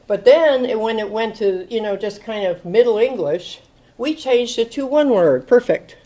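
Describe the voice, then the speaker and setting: Lively woman telling her recovery story. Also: on the high side, moderate pace, low-quality recording. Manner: animated storyteller, acts out quotes, laughs often. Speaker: AA speaker.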